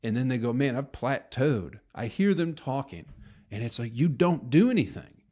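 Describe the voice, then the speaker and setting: A man's voice: medium pitch, sing-song, moderate pace, mellow. A man hosting his own podcast, rambling and ranting with heavy swearing and mocking impressions of people. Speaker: podcast host. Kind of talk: solo rambling podcast monologue.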